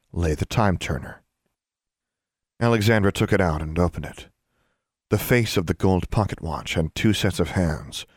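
Deep-voiced male audiobook narrator. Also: darkish tone, no echo, clean studio sound. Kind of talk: audiobook fiction reading.

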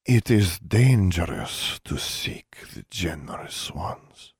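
A man voicing a mysterious, seductive woman in an audiobook, speaking slowly in a breathy half-whisper. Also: fairly low pitch, a little mellow, no echo, studio quality, voice pushed up, exaggerated voice.

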